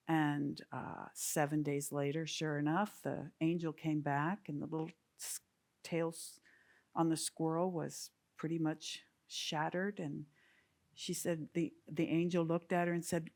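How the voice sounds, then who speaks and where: A woman's voice: sits low, fairly even intonation, unhurried. Earnest woman telling a sermon story. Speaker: service speaker.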